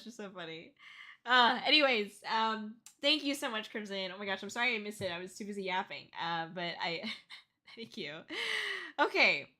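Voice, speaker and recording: A young VTuber from Canada chats casually on a live stream, reading chat and thanking her viewers through tearful, excited shrieks. Her voice sits on the high side with a sharp tone.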